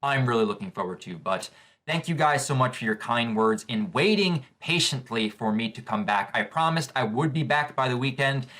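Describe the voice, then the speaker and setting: Casting: male reaction vlogger with a bright, forward tone, describing comic pages aloud. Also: mid-range voice, animated, normal speed. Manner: eager, describes panels as he reads. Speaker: manga reaction channel host. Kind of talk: live manga reading reaction.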